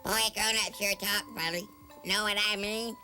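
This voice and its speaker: A slow-talking little boy. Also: high-pitched, steady tone, bright, forceful tone, faint music behind, pitched above the performer's own voice. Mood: innocent. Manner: slow, childlike.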